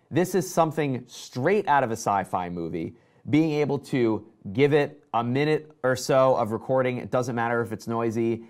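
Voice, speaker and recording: Chatty man hosting a tech stream. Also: medium pitch. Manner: excited, chatty, reads out viewer comments. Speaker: tech show host. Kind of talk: casual live-stream tech chat.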